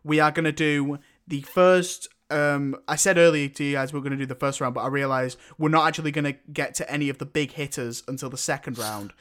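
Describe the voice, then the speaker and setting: A man's voice: a little high, steady tone, brisk, hardly any pauses, a bit bright, smooth. A man hosting a casual podcast, rambling and restarting his sentences as he sets up a film tournament. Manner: rambling, self-interrupting, swears casually.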